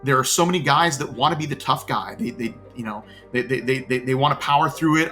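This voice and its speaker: A man's voice: medium pitch, a little fast, few pauses, pushed and bright, soft background music. A middle-aged man from Florida telling his story in an interview, earnest and often repeating words as he searches for them. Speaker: cancer patient interviewee.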